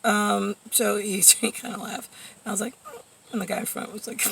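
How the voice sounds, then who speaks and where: A woman's voice: mid-range voice, fairly even intonation, fairly quick, gravelly, fairly bright tone, recorded from a distance, a little hiss or hum. A woman vlogger rambling through a profane, sardonic monologue full of fillers, heard a little away from the mic. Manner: profane, sardonic ranting with frequent fillers and laughs.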